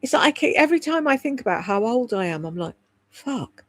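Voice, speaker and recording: A British woman in her sixties hosts a casual livestream from home, reading chat with a slightly high, sing-song, fairly bright voice at a quick pace. She swears freely, laughs often, and rambles candidly.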